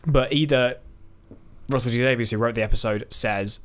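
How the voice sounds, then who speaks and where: Man, 20s, podcast co-host, casual chat, jokey, rambling, middle pitch, fillers and restarts. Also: moderate pace, a bit bright.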